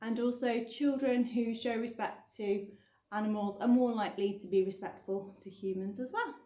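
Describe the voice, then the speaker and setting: A woman's voice: on the high side, moderate pace, dark tone, roomy sound. A woman librarian leading a baby rhyme and picture-book session, cheerful and encouraging as she talks to the little ones. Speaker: children's librarian.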